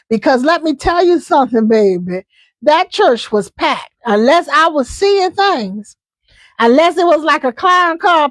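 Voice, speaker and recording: A woman's voice: sits high, no room sound. A woman hosting a casual live chat, talking in a chatty, emphatic way and often repeating herself. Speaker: host.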